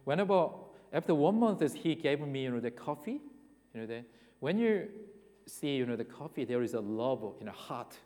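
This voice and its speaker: A man with a Korean accent giving a sermon, talking in a halting way that restarts and repeats words and putting questions to the congregation. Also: medium pitch, animated, darkish tone. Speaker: preacher. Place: church hall. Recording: reverberant hall.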